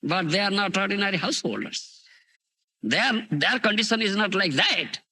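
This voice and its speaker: An Indian-accented man delivering a spiritual lecture, his high voice swinging widely up and down as he tells the story. The tone is very bright and a little husky. He keeps breaking off to ask his listeners whether they follow. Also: moderate pace. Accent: Indian English. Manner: animated storytelling, frequent "you understand?" and "huh?" checks. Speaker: spiritual teacher. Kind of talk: scripture lecture. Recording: dry close 1990s tape.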